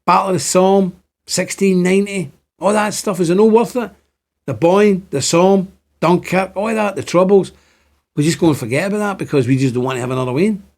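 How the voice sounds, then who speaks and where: His voice is high-pitched, creaky and a little mellow, running a little fast. He is a man in his fifties from Northern Ireland with an Ulster Scots-tinged accent, giving an impassioned, repetitive monologue to camera that rises into exclamations.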